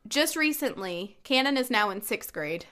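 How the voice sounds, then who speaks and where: A woman in her thirties co-hosts a casual podcast chat, telling stories animatedly and acting out the quotes. Her voice is fairly high-pitched at normal speed.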